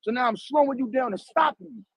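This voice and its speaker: A man's voice: extremely high pitch, quick pace, vocal fry, slightly rough, no echo, rough recording. A man arguing in a heated online debate, aggressive and profane, talking over his opponent. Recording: loud background noise with clicks.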